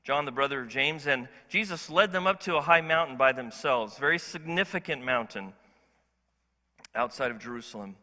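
A male pastor preaching a sermon in an animated, conversational way, asking the congregation questions. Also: mid-range voice, moderate pace, in a large hall. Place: church sanctuary.

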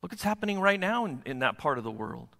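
Bright-voiced man preaching in an echoing hall. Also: sits high, big pitch swings, quick pace. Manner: asks the congregation frequent rhetorical questions. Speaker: pastor. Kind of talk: sermon. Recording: long hall reverb.

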